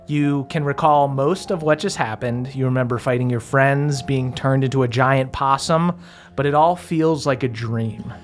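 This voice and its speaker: A man's voice: medium pitch, moderate pace, soft background music. A man running a tabletop game as game master, narrating casually with frequent fillers and swearing.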